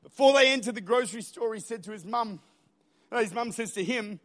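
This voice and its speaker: A man preaching a sermon in a church with an Australian accent, energetic and humorous, rising to shouts at high points. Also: a little fast. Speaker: pastor. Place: church auditorium.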